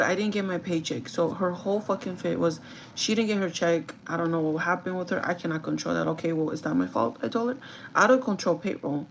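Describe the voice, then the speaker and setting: A young woman vlogger casually telling a story from her job, animated, acting out the quotes and swearing freely. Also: lowish voice, fairly quick, vocal fry, slight background noise.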